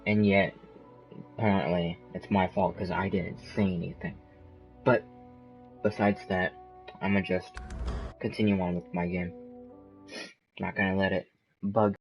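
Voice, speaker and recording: A young male streamer chatting casually, sniffling and eating as he plays. His voice sits low and comes through a dull, lo-fi mic. Faint game music plays underneath. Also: flat delivery, unhurried, long pauses. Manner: rambling, sniffling, talks while eating. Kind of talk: casual gaming commentary.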